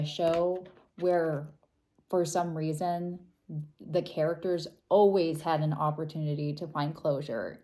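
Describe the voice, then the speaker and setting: A woman talks through a tarot reading to her viewers in a soft, thoughtful way. Her voice is low and mellow, and she takes her time, trailing off and starting over as she goes. It sounds like casual, unhurried talk. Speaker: tarot reader.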